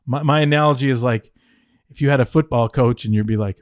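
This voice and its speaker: A man telling backstage stories in a casual interview, animated, acting out other people's lines, swearing and laughing often. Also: mid-range voice, fast talker, no room sound, clean studio sound. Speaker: former wrestling head writer telling stories.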